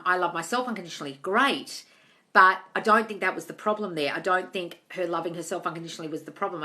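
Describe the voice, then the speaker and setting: A woman's voice: on the low side, sharp tone. A woman coaching on manifesting in a casual live-stream Q&A, reading out viewer comments and answering them directly.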